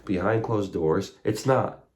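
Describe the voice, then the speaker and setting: A man with a deep, low voice speaks about faith directly to the listener. He is earnest and conversational, and he slips into casual asides as he retells old stories. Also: slow, darkish tone. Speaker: faith talk host. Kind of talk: spoken faith monologue.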